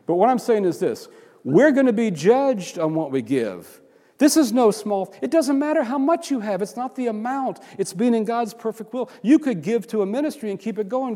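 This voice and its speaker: A man preaches in a loose, rambling style, breaking off into asides and restarts. His voice is warm and mellow, pitched a little high, and it jumps up into animated tones when he quotes someone. A long reverb from a hall trails after his words. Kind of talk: sermon.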